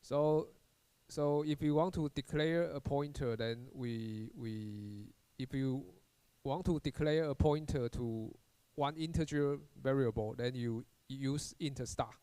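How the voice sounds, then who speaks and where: This man, mid-range and warm-toned, speaks smoothly as he gives a recorded university programming lecture. He halts while explaining, frequently repeats words, and restarts with "uh" fillers, and there's no echo.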